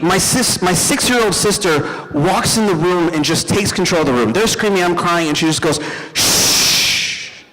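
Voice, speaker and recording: A young man doing a stand-up comedy set, telling animated stories and talking to the crowd. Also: high-pitched, slight background noise. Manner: animated storytelling, addresses the crowd. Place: event hall stage. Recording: live hall with long reverb.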